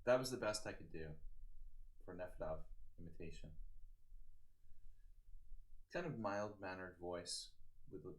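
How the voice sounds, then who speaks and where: A man's voice: low-pitched, lively intonation, unhurried, long pauses. A man streaming chess live, with casual commentary and joking banter aimed at his chat.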